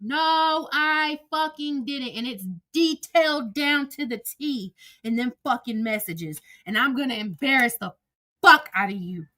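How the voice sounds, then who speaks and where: Woman, heated livestream rant, swearing, emotional, bright high voice, phone mic. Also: unhurried, no room sound, studio quality. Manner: angry, profane, emotional, repeats herself.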